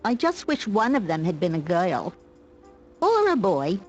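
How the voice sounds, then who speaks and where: Man voicing an old gypsy grandmother, mock Yiddish accent, nagging, sarcastic, lively swooping pitch, dull lo-fi sound. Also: measured pace, soft background music, exaggerated voice. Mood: kvetching. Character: old female gypsy fortune teller, kvetching grandmother. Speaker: streamer voicing game characters.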